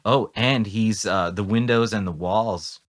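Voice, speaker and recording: A man co-hosting a podcast in casual chat, animated and sarcastic, restarting sentences often and swinging between loud bursts and mumbles. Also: on the low side, measured pace. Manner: many restarts and fillers. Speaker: podcast co-host.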